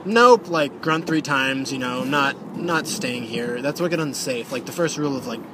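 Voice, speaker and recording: A man's voice: medium pitch, fairly even intonation, normal speed, heavy background noise. A young man telling a story in a rambling, profane way, full of fillers. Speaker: storyteller guest. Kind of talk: casual storytelling.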